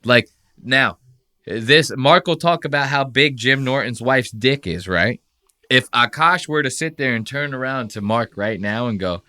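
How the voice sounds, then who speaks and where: A male podcast host riffing in casual commentary, cursing freely and mocking the people he talks about. His voice comes across bright and forceful. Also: medium pitch, measured pace. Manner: profane, animated, mocking impressions. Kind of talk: casual commentary reacting to clips.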